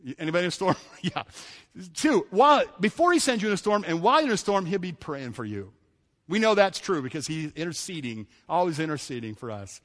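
A man preaching a sermon who talks in an animated way, swinging between loud bursts and hushed passages and laughing often. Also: a little high, fairly quick. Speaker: pastor. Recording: long hall reverb.

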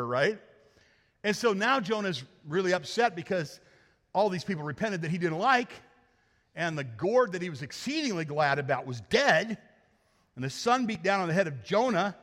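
Male lead pastor, higher voice, chatty joking sermon style, church room with long reverb. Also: lively intonation, normal speed, a bit bright. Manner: conversational, jokey, asks rhetorical questions. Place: church sanctuary.

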